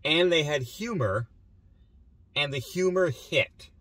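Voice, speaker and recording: A man's voice: fairly high pitch, lively intonation, slow pace, a bit bright, no room sound. Chatty male movie-review host, dry sound. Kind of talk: casual movie review chat.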